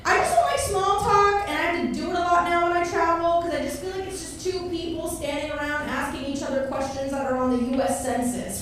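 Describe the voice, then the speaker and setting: Female stand-up, brash, bawdy, high-pitched; live club recording, roomy and distant. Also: moderate pace, a bit bright. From Miami, Kendall. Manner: brash, crude, laughs at her own jokes. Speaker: stand-up comedian. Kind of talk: stand-up set. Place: comedy club stage. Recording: echoey club from far off, noisy.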